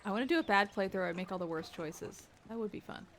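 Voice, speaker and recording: A woman's voice: medium pitch, quick pace, a bit bright, slight background noise. A woman streaming a game, reacting anxiously and reading the game's dialogue aloud in casual commentary. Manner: reactive, anxious exclamations while playing.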